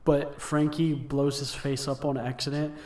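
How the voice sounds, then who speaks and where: A man's voice: fairly high pitch, flat delivery, measured pace, darkish tone, far from the mic. Laid-back man chatting a bit off-mic. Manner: laughing, acts out character quotes in goofy voices. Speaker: podcast co-host. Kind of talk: casual chat.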